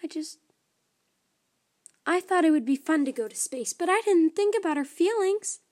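A woman voicing an eager young female cat astronaut in a storybook, bright and excited. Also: very high voice, normal speed, voice pushed up. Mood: earnest. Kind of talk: storybook reading.

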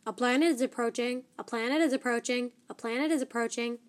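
A woman voicing a flat, mechanical spaceship computer in a storybook, announcing in a steady, repetitive way. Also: on the high side, quick pace, lightly acted. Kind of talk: storybook reading.

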